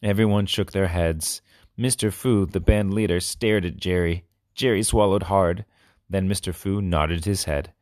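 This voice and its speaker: A man reading short children's stories and simple facts aloud with clear, expressive delivery. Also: low-pitched, unhurried, no echo, clean studio sound. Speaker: reader.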